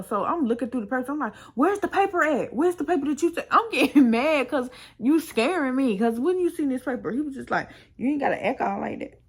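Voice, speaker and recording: A woman's voice: fairly high pitch, husky. A young woman casually telling a personal story on her vlog, chatty and full of slang, often quoting what others said. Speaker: storytime vlogger.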